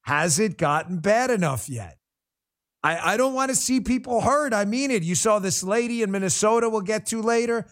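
A man with a New York accent hosts a political talk show and reacts to his live chat. His voice is high for a man, and he talks in an animated, chatty way, repeating himself and laughing easily. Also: moderate pace. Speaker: show host.

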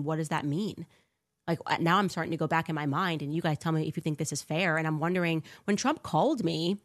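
A woman hosting a live commentary stream, fired-up and sarcastic, often mocking others in put-on voices. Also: on the low side. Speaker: show host. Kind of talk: livestream commentary.

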